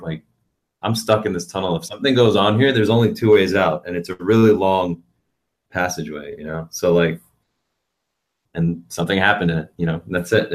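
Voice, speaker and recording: A young man, co-hosting a podcast and telling rambling stories, swearing freely. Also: low voice. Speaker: podcast co-host. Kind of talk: casual chat.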